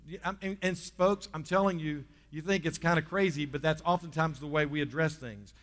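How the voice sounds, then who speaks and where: A male pastor preaching a lively sermon, dropping low and quiet for stories and rising loud to exhort the church. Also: brisk, long reverb tail. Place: church sanctuary.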